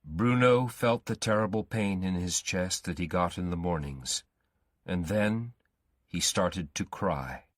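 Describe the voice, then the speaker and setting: A man narrating a graded-reader story in a slow, careful reading. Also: low-pitched, dry recording, studio quality.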